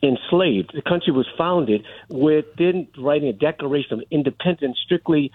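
A middle-aged man with a voice on the high side, speaking at normal speed, calls in to a radio talk show. He makes his argument insistently and holds the floor, heard over a tinny phone line.

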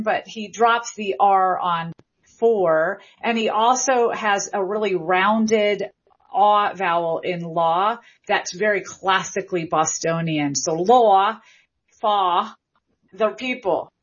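A middle-aged woman from the American South, a guest linguist explaining speech and accents in a thoughtful, reflective way. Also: mid-range voice. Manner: thoughtful, reflective, drawn-out phrasing. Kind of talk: explanatory conversation. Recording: muffled lo-fi audio.

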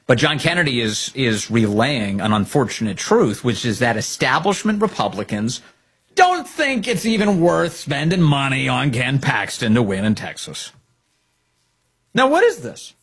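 A man's voice: mid-range voice, sing-song, unhurried, fairly bright tone, breathy edge. A man hosting opinionated political commentary, talking in a sarcastic, mocking way.

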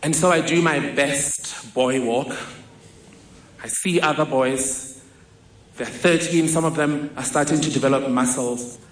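Slow, echoey man storyteller. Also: medium pitch. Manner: vivid, self-mocking storytelling. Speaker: speaker telling a personal story. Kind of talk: storytelling talk on stage. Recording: echoey hall with faint noise.

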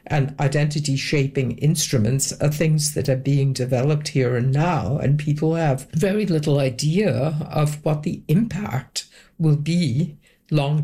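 A woman, an academic guest, answering an interview in a thoughtful, measured way. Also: deep voice, dark tone, slightly rough.

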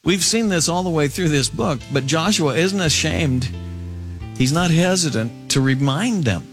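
Animated man preaching a sermon. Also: unhurried, faint music behind. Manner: animated, rising to emphatic peaks then dropping low. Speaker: pastor. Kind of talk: expository sermon.

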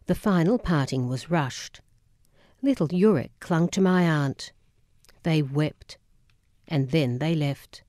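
A woman narrating a memoir audiobook in a measured, solemn way. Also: deep voice, lively intonation, warm tone, no echo, clean studio sound.

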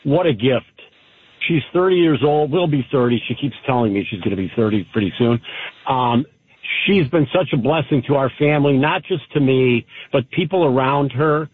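A man's voice: medium pitch, normal speed, breathy edge, no room sound. Grateful man calling in by phone. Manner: warm, grateful and heartfelt. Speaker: caller. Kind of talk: call-in radio talk. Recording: tinny phone line.

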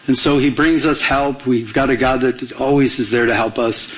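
A man preaching a sermon in a conversational way, often pausing for the congregation to fill in words. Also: medium pitch, steady tone, rough recording. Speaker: pastor.

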